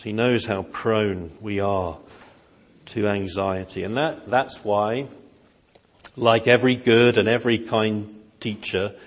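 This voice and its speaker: A man preaching a sermon in a slow, gentle, earnest way, with emphatic rises. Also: on the low side, breathy edge. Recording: long hall reverb.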